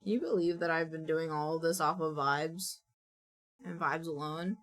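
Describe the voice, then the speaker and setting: Playful young woman streamer, lowish voice. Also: normal speed, fairly bright tone. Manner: playful and chatty, talks to chat and to her characters. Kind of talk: casual live-stream chat while drawing.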